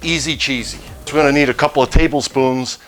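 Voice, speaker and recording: Man, cooking show host, relaxed step-by-step talk, jokey asides, average pitch. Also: very fast, clear, resonant tone, soft background music. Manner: relaxed, jokey, cracks puns. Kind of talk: home cooking demonstration.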